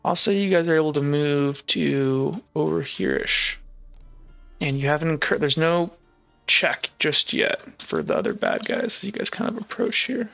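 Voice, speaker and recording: Casual male game master, bright, slightly high voice, dull lo-fi mic with faint music behind. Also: very animated, moderate pace, creaky. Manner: casual, many filler words. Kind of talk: narrating a tabletop game.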